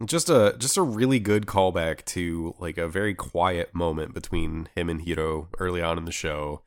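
Deep-voiced man recapping anime casually. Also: moderate pace. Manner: relaxed, rambling recap with fillers and restarts. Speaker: podcast co-host.

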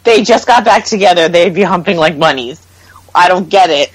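A woman's voice: fairly low pitch, normal speed, dry recording, poor audio. A woman co-hosting a podcast, chatting casually and acting out what others said with exasperation. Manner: animated, exasperated, acts out quotes. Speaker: podcast co-host. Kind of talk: casual chat.

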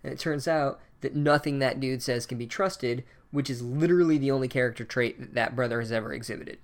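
A man's voice: mid-range voice, fairly quick. A man giving a profane, sarcastic comedic recap of a book chapter, ranting as he goes.

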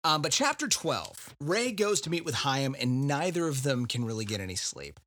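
A man's voice: medium pitch, big pitch swings, normal speed, a bit bright, no echo, studio quality. A man hosting a casual book discussion podcast, recapping chapters with wry asides. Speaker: podcast host.

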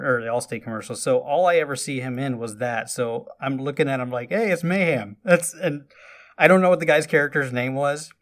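A man's voice: mid-range voice, a bit bright. A man in casual chat, retelling a movie scene by scene in a rambling way, with restarts and quoted lines.

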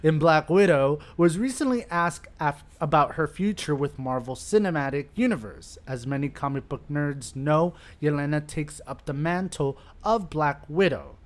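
A podcast co-host chatting casually, animated, often restarting sentences. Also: mid-range voice, moderate pace, few pauses. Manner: animated, restarts sentences, reads quotes aloud. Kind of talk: casual chat.

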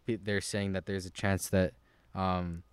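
A man's voice: low-pitched, flat delivery, a little slow, clear, resonant tone, dry recording. A teenage man, chatting casually as a podcast co-host and rambling with lots of fillers. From Canada. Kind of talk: casual chat.

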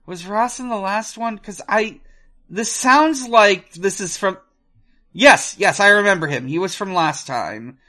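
A man co-hosting a podcast, chatting casually and reading a gamebook aloud with loose, halting phrasing and plenty of swearing. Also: high voice, expressive, bright, forceful tone. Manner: loose and profane, halting with restarts and fillers while reading.

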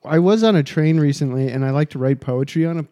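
Easygoing man with a mellow voice. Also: a little high, fast, no room sound, studio quality. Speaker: podcast co-host. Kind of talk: casual chat.

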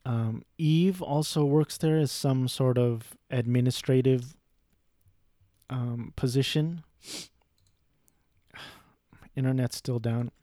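A young man works through a rambling, profane film review full of restarts and asides, taking it slowly and pausing often. His voice is dark, mellow and ordinary in pitch, captured dry and close with no room sound or echo.

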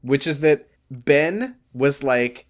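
A young man talking through a TV episode with a friend in loose, casual chat. He gets animated and exasperated, swears freely and slips into quick impressions of the characters. His voice sits at an ordinary middle pitch. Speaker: podcast co-host recapping a TV episode.

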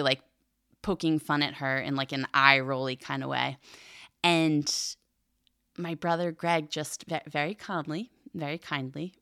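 A woman's voice: sits low, a bit bright, clean tone, no room sound, studio quality. A woman speaking in a casual, reflective teaching style about faith, chatty and earnest, with lots of "like" and "um.". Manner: chatty, many fillers like "like" and "um". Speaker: Catholic catechism podcast co-host.

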